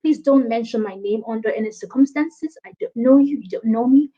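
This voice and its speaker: A Nigerian woman leads an online presentation workshop with an emphatic, animated delivery, laughing easily and acting out how others talk. Her voice sits on the higher side. The video call audio is dull and lo-fi. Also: brisk. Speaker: presentation skills speaker.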